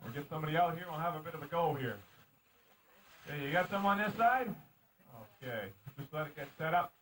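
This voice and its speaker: A man with a slightly high, lively voice emcees an outdoor lumberjack show at a mountain arena, briskly calling out race commands while joking with and teasing the contestants. His tone is fairly bright. The audio sounds like distant outdoor home video with slight background noise.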